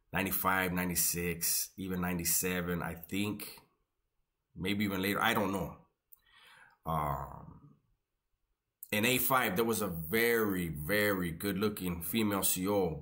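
His low voice has a sharp tone as he casually recounts his prison years, cracking jokes and cursing in an easygoing way.

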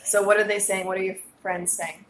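A woman guest in casual chat, blunt and animated, swearing freely as she tells stories. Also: mid-range voice, brisk, slight background noise. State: buzzing on caffeine. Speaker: podcast guest. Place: New York.

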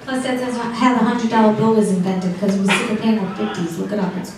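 A middle-aged woman doing a stand-up comedy set with dry, deadpan delivery and audience banter. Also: medium pitch, a little fast. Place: comedy club stage. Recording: echoey club room from far off, noisy.

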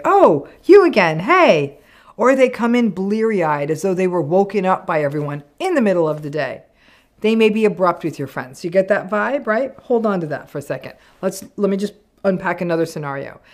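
A middle-aged woman psychologist with a slightly mellow, lowish voice hosts her own channel. Speaking directly to camera, she explains relationship patterns frankly and conversationally, acting out quoted lines.

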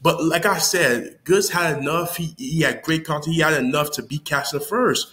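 A man casually recapping a battle, animated and laughing as he quotes lines. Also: on the high side, moderate pace. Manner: animated, laughing, quoting lines with mock voices. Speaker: battle rap reviewer.

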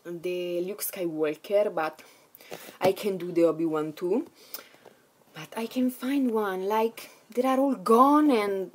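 A young woman talks through a casual haul vlog like an excitable fangirl, swearing freely along the way. Her voice sits a little low, and she takes her time between bursts of enthusiasm. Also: a little hiss or hum. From Italy. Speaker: vlogger.

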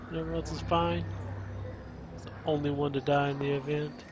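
A man's voice: fairly high pitch, moderate pace, pauses often, background noise. A man hosting a let's play, chatting and joking to himself while he explores a game. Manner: chatty, musing aloud, joking. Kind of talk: casual gameplay commentary.

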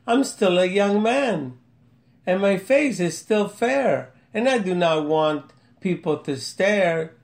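A man reading out his own humorous poem, chuckling and amused at himself. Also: high-pitched. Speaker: amateur poet. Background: faint music.

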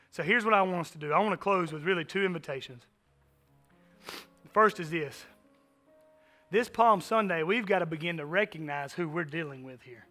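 A man's voice: high voice, sharp tone. A man, a pastor, preaching a sermon in a conversational style with frequent rhetorical asides. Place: church sanctuary.

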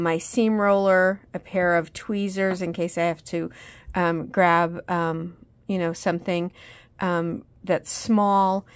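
A woman with a fairly low, smooth voice hosts her channel's casual quilting tutorial from her sewing table. She's chatty, with lots of ums and self-corrections.

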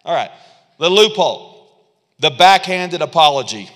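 A man preaches with lively energy, slipping into little acted-out voices and chuckling as he goes. His voice sits a bit high for a man. A long reverb trails behind him in a large church hall. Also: moderate pace. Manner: animated, acts out quotes, chuckles often. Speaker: pastor. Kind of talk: sermon.

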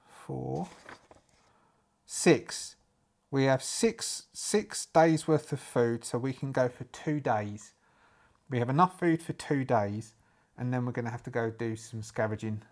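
A man's voice: mid-range voice, creaky, darkish tone. Man from Ireland, casual solo-game narrator, rambling and thinking aloud, many fillers.

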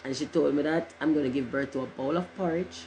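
A woman's voice: deep voice, quick pace, darkish tone, slight background noise, low-quality recording. Chatty middle-aged woman. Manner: rambling, chatty, jokes and curses freely. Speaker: livestream host. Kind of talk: casual livestream chat.

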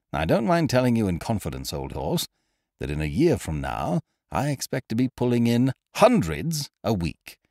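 A man playing a loud, swaggering young fight manager from a storybook. His talk is hearty and boastful, full of grand schemes. His pitch swings widely, and the recording is close and dry. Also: dry recording. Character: exuberant, blustering young male boxing manager.

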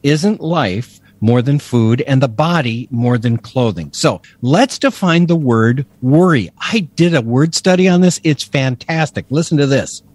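A man's voice: medium pitch, lively intonation, measured pace, few pauses, a little mellow, no echo. A man co-hosting a faith podcast, teaching scripture with emphatic enthusiasm and frequent laughs. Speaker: podcast co-host, Bible teacher. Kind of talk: casual teaching chat.

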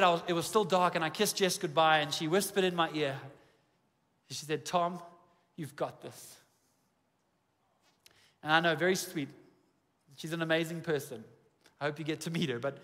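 Bright-voiced South African man preaching. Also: high-pitched. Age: 40s. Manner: humorous, self-deprecating storytelling, lively. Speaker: pastor. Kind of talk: sermon. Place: large church auditorium. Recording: long reverb of a big hall.

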